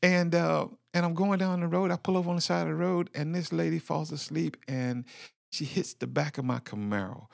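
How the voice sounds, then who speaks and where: A man's voice: fairly high pitch, steady tone, brisk, creaky, darkish tone, no room sound, clean studio sound. A middle-aged man hosting a podcast, telling his personal testimony in a candid, preacher-like way with fillers and repeats. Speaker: podcast host. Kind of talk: personal testimony, motivational talk.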